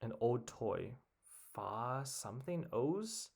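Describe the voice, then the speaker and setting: A man's voice: mid-range voice, big pitch swings, slow, vocal fry, a bit bright, husky. Man muttering through a crossword. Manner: muttering guesses, thinking aloud. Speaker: puzzle solver. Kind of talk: casual solo commentary while solving.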